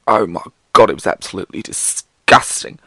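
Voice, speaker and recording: A man's voice: sits low, a little fast, creaky, bright, forceful tone, breathy edge, no room sound. Rambling, sweary British podcast man. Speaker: podcast host. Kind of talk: casual solo podcast monologue.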